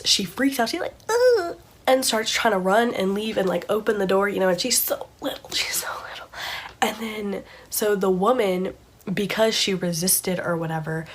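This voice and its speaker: A woman's voice: on the low side, slightly rough. A young woman casually retelling a dream to camera, rambling with lots of fillers and dropping into whispers. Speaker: vlogger. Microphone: camera framed from the chest up.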